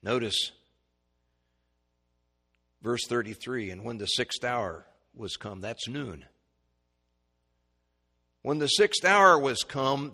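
A man preaching an expository sermon, reading scripture aloud and explaining it, his voice climbing high and loud when he quotes the mockers. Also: big-room sound. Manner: rises sharply in pitch and volume when quoting mockers; reads scripture in King James wording with commentary.

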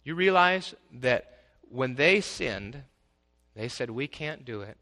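Energetic male preacher, bright and gravelly. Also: mid-range voice, slow pace. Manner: preachy, swings from quiet to loud exclaiming. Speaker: pastor. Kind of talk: sermon.

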